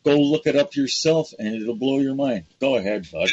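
Man, talk show host, husky low voice, indignant, dull lo-fi sound. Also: expressive, moderate pace, darkish tone. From Canada. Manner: indignant, calls the guest by name. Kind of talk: opinionated talk show chat.

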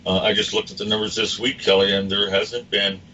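A man's voice: fairly low pitch, flat delivery, a little fast, bright, forceful tone, distant mic, lo-fi sound, slight background noise. A man hosting a radio talk show, asking pointed questions and making sarcastic asides.

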